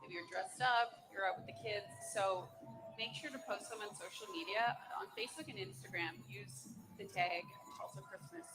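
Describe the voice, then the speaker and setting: A woman's voice: mid-range voice, expressive, moderate pace, poor audio. A woman doing live commentary at an outdoor winter parade, reading scripted introductions of each entry with casual asides. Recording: outdoor broadcast with band music behind.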